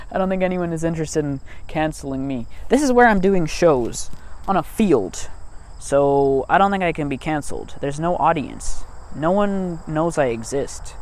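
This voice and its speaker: A man with a somewhat high voice rambles through a casual vlog, joking at his own expense. He laughs often between thoughts. He is outdoors in an open field, talking into a cheap mic that barely blocks the wind. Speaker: vlogger. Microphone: cheap mic without proper wind protection.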